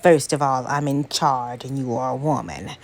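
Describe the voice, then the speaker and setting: A woman's voice: rumbling low, steady tone, normal speed, pitched below the performer's own voice. A woman voicing a curt, bossy 1800s man. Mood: commanding. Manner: curt and commanding.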